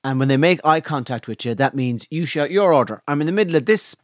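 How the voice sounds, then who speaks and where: A man's voice: a little high, lively intonation, fast talker, no room sound, clean studio sound. A man in casual podcast chat, swearing freely and telling stories with many restarts. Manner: swearing, restless storyteller with restarts.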